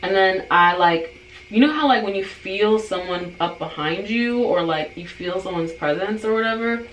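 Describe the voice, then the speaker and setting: A woman's voice: mid-range voice, moderate pace. A young woman vlogger casually telling a story while doing her hair, rambling and peppering her talk with "like". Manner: chatty, rambling, full of "like". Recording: roomy room with faint noise.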